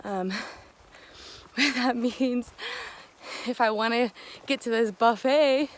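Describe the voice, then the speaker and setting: A woman's voice: a little high, slow pace. A woman vlogging casually outdoors while hiking a long trail, talking with lots of fillers and a little out of breath. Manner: chatty, filler-heavy, laughs often. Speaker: thru-hiker vlogger. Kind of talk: casual vlog chat.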